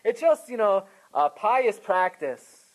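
A man giving a Talmud class lecture, explaining rulings in a conversational, animated way. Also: sits high, slow pace, low-quality recording. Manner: animated, conversational explaining with Hebrew and Yiddish terms. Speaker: Torah teacher.

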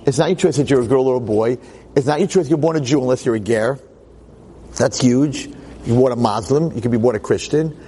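Middle-aged rabbi, lively storyteller to a girls' class. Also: medium pitch, brisk, slightly rough, low-quality recording. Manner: animated, acts out voices in stories. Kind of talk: storytelling Torah talk.

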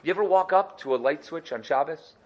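A man teaching a lively Torah lesson, animated and acting out little scenes. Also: on the high side, fairly quick, highs cut off. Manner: animated, acts out dialogue.

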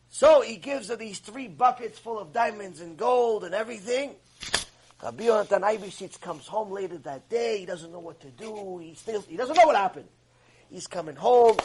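A man giving an animated sermon lecture, telling stories and asking his listeners questions. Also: sits high, moderate pace, husky. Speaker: rabbi teacher.

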